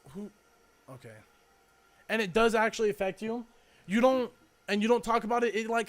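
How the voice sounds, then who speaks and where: A young man with a notably high voice talks through a casual podcast chat. He rambles and circles back, leaning on fillers as he reflects. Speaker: podcast co-host.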